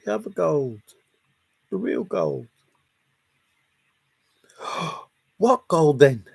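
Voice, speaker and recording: Male livestream host, gravelly and husky, slow and playful, reading chat comments aloud. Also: on the high side, very animated, darkish tone, no echo. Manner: reads viewer comments aloud and answers them playfully. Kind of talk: casual late-night livestream chat.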